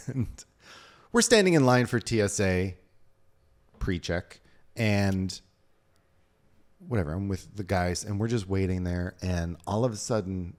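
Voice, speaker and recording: A middle-aged man hosts a casual podcast chat, telling stories with plenty of swearing. His pitch moves widely, and he loudly acts out what other people said. He talks with an easy, storytelling energy. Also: animated, a little slow, long pauses. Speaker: podcast host.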